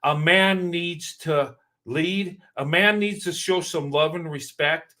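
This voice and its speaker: Emphatic high bright-voiced man. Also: slow, few pauses. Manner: emphatic, preachy, repeats points for stress. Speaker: reaction video host. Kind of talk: casual commentary.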